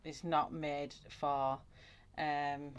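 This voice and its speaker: Chatty low-voiced Wigan woman. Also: little pitch movement, extremely slow, lo-fi sound, a little hiss or hum. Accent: Wigan, Lancashire. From England. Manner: chatty, rambling, greets viewers by name. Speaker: colouring channel host. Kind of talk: casual chat while colouring on a live stream.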